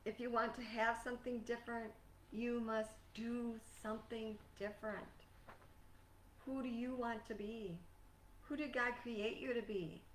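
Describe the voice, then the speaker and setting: A woman's voice: fairly high pitch, steady tone, unhurried, slight background noise. Earnest woman coach in an echoey room. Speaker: life coach. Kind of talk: scripted motivational talk. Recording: echoey room, distant mic.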